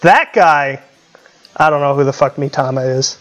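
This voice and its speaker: A man's voice: medium pitch, normal speed, lo-fi sound. A male streamer chatting casually and reacting with swearing and laughter. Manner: laughing, profane, reacting loudly. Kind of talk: casual live-stream chat.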